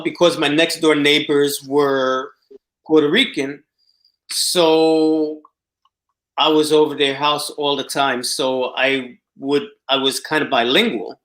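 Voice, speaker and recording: A man's voice: on the high side, fairly bright tone. Man telling a story in an echoey room. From United States. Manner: anecdotal, laughs while telling the story. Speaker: discussion guest. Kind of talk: casual storytelling chat.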